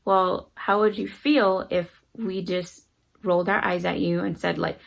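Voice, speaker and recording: A woman's voice: fairly low pitch, steady tone, measured pace, creaky, rough recording. A middle-aged mother talking casually to camera with parenting advice, earnestly acting out her children's voices as she tells stories. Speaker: parenting vlogger.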